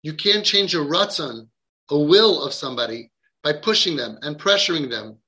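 A man with a high, piercingly sharp and forceful voice talks to parents with urgent conviction. He leans hard on key words and repeats them for stress, like a coach preaching his method. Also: animated, moderate pace. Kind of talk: impassioned podcast talk.

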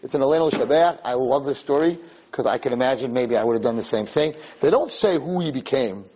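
A man from New York, a rabbi telling stories in an animated way to a live audience in a room. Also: fast talker, slightly rough, poor audio. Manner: animated, jumps high when quoting people. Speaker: rabbi giving a talk. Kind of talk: storytelling Torah talk to a live audience.

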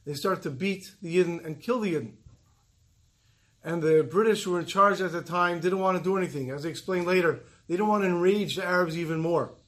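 Male preacher, earnest storytelling sermon, slightly high voice, slows for weight. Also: a bit bright.

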